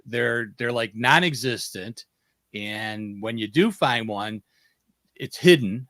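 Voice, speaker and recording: A man hosting a casual panel chat, telling stories in an animated way. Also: mid-range voice, takes it slowly, no room sound. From United States. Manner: animated storyteller who acts out quotes. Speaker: host.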